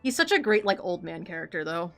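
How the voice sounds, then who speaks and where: A woman's voice: on the low side, big pitch swings, quick pace, a bit bright, faint music behind. A woman chatting casually while she draws, rambling and giggling, with lots of filler words. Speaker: artist chatting while drawing. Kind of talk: casual chat.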